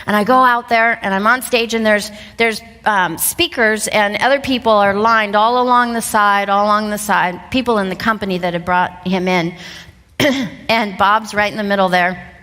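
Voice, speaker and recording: A woman in her fifties giving a motivational talk on stage, an animated storyteller who laughs often. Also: medium pitch, normal speed, big-room sound. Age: 50s. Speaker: seminar speaker. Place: stage in a large event hall. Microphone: lapel mic.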